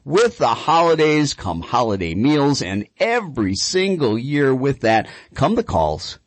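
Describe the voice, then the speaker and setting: A man hosting a radio call-in show about dog training, telling stories in an animated, chatty way. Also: medium pitch, moderate pace, no room sound.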